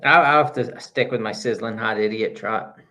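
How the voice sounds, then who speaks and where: A man co-hosting a casual podcast, laid-back and a bit halting, often restarting his sentences. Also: lowish voice, pushed and bright. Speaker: podcast co-host.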